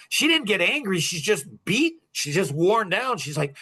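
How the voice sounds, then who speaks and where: Bright-voiced animated older man storyteller. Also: high-pitched, moderate pace, hardly any pauses, husky. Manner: animated, laughing, acts out dialogue with bursts of excitement. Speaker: podcast host. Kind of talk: personal storytelling.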